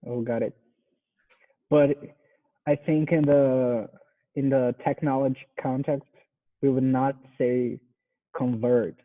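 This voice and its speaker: Brazilian man practicing English slowly. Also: medium pitch, steady tone. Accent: Brazilian Portuguese. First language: Portuguese. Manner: careful, repeats words, asks for checks. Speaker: software engineer learning English. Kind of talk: pronunciation practice. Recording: tinny phone-like video call.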